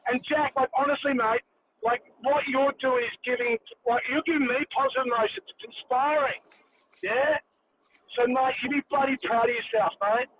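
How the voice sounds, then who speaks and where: An Australian man calling in by phone, giving an energetic, blokey pep talk. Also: very high-pitched, normal speed. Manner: energetic, blokey, calls everyone mate. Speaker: phone-in guest. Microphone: telephone. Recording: noisy phone line.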